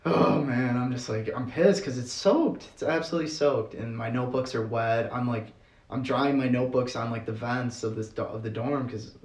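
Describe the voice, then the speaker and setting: A young man from Wisconsin telling a rambling, animated story as a podcast guest, with lots of fillers and laughter. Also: mid-range voice, moderate pace. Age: young adult. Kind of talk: casual storytelling. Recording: roomy sound from off the mic.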